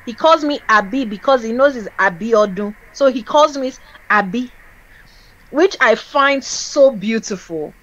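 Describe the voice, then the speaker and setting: A woman with a Nigerian accent co-hosting a casual discussion show, talking in an animated way and laughing often. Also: on the high side, unhurried, muffled recording. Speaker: co-host.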